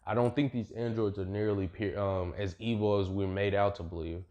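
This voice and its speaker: A man's voice: lowish voice, fairly even intonation, moderate pace, mellow, highs cut off, close to an everyday voice. Little loyal fighter dude, guy voicing him, earnest, slangy, everyday voice. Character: small loyal male human fighter, anxious.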